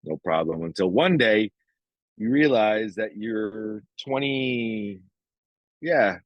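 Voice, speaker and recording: A man's voice: on the low side, animated, takes it slowly, no echo, muffled recording. A middle-aged man co-hosting a podcast, telling a story casually with swearing and acted-out quotes. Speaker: podcast co-host. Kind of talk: casual chat.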